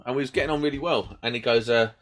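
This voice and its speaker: A man, co-host of a podcast, an animated and talky storyteller in casual chat. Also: medium pitch, very fast.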